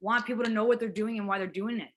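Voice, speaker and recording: A woman, a physical therapist, chatting as an interview guest, animated and quick to act out quotes and laugh. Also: a little high. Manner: animated storyteller, acts out quotes, laughs often, swears casually. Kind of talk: casual interview chat.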